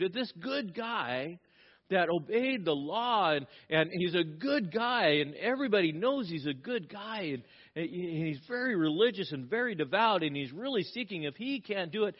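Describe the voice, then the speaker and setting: A man's voice: high-pitched, lively intonation, moderate pace. A middle-aged man preaching a sermon as a pastor, emphatic and repeating his key phrases, with frequent restarts. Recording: dull lo-fi recording.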